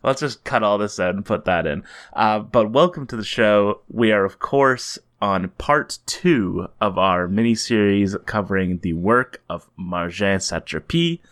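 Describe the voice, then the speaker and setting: Dry-joking canadian man, lowish voice. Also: measured pace, few pauses, fairly bright tone. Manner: dry, joking, laughs often. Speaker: podcast co-host. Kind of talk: casual podcast banter.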